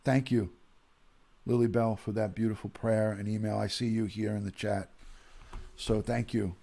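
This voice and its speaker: A man hosting a live stream, reading viewers' condolence emails aloud in a slow, emotional, halting way. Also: on the low side, little pitch movement, vocal fry, dark tone.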